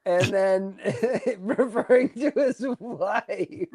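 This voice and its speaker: A man with a notably high voice chats casually on a podcast, retelling a scene and chuckling along. He throws in quick joking asides. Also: darkish tone, slightly rough. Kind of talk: casual chat.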